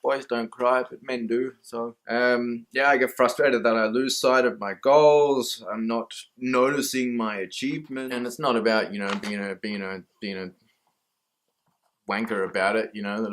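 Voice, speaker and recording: A man's voice: medium pitch, steady tone, moderate pace, fairly bright tone. Candid, swearing Australian man. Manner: rambling, swears freely, laughs at himself. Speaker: mental health vlogger. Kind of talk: candid casual monologue.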